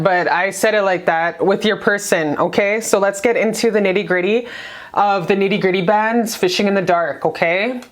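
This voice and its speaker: A woman hosting a casual tarot reading for her viewers, her voice pitched right at an ordinary middle height. She gushes over her audience with affection and drops slangy, frank remarks freely. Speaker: tarot reader.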